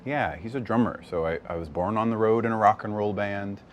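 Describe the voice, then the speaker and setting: A young man from the US West Coast, an actor chatting casually in an interview, animated and laughing often. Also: fairly low pitch, fairly quick, a little hiss or hum. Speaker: actor guest. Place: bar.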